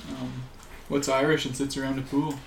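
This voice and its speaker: A young man in casual chat, telling stories haltingly with many fillers and laughing often. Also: mid-range voice, flat delivery. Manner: slow, halting storyteller, many likes and uhs, laughs often. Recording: echoey room with clear noise.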